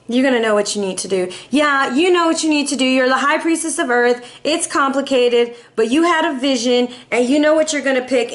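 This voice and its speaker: Woman doing a tarot reading, bit of a higher voice, chatty and joking, drops swears, does little voices. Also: fairly bright tone, slight background noise. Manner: chatty, playful, swears casually; acts out voices in quotes. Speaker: tarot reader.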